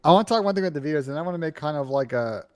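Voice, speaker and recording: A man co-hosting an esports podcast, giving measured, analytical takes in casual chat. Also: a little high, expressive. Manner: measured, analytical, stat-minded.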